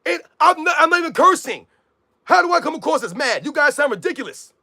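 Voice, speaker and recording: A man ranting loudly on a sports live stream, combative and repetitive, calling out chat viewers by name. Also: very high voice, very animated, quick pace. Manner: loud, combative, repetitive rant.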